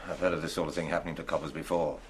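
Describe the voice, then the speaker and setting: An actor playing a brusque police officer with a clipped way of speaking, in a 1970s television police drama. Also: male voice, extremely low pitch, little pitch movement, very fast, a little hiss or hum. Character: angry male police officer.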